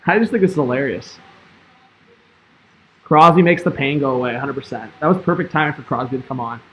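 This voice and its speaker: A man's voice: medium pitch, brisk, slight background noise. Chatty guy streaming hockey. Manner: chatty, reads and answers chat, lots of "like" and "man". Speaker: live-stream hockey commentator. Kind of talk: casual live-stream commentary.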